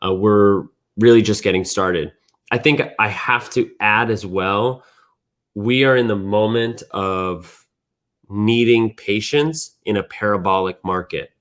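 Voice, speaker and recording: A man hosting a weekly community news recap, thinking out loud in a relaxed, casual way. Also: lowish voice, a little slow. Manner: thinks aloud, restarts and fillers, relaxed.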